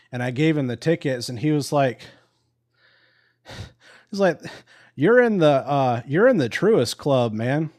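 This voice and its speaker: A man's voice: mid-range voice, darkish tone. A married man hosting a live stream, telling a story casually with swearing and laughs. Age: adult with a wife. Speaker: livestream host. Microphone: live stream microphone.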